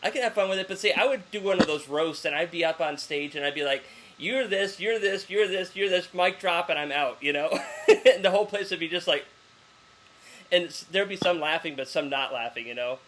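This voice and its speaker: A man's voice: on the high side, fairly quick, a bit bright. A man interviewing a guest in casual chat, joking and laughing often. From German heritage. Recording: faint hiss behind the voice.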